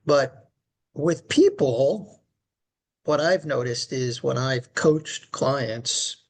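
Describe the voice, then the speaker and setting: A man co-hosting a podcast and working as a leadership coach, talking in a reflective, measured way. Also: medium pitch. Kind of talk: casual podcast conversation.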